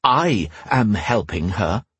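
A man doing a gruff, threatening young prince. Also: on the low side, sing-song, takes it slowly, a bit bright, no echo, exaggerated voice. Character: fierce young prince, swordsman, hostile. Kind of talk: audiobook character voice.

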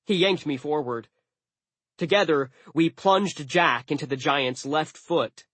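A man narrating an audiobook in a studio, with wry, deadpan asides. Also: on the high side, a little slow, breathy edge, no room sound.

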